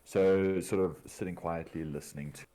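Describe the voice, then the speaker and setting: A man at a tabletop game describes what his character does. His voice is very deep and mellow, and he speaks hesitantly, with stops and restarts. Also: steady tone. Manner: hesitant and halting. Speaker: player. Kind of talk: narrating his character's actions.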